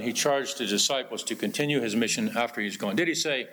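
A man's voice: mid-range voice, quick pace, few pauses, pushed and bright. A man preaching an earnest sermon, often quoting scripture in old-fashioned wording. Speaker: pastor.

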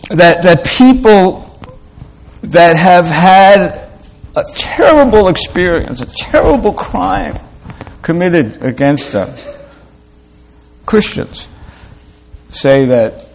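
A man preaching a sermon in a halting way, with many fillers and restarts, slowing down to read scripture aloud. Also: a little high, rough recording.

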